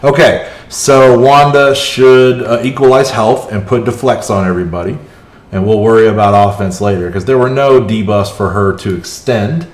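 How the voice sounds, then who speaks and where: A man livestreaming a strategy game, keeping up a running, chatty commentary on his moves. He reacts aloud to each turn and answers his viewers as he plays. His mid-pitched voice sits in a roomy, echoey space. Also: moderate pace. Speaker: streamer. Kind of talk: live gameplay commentary. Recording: roomy echo.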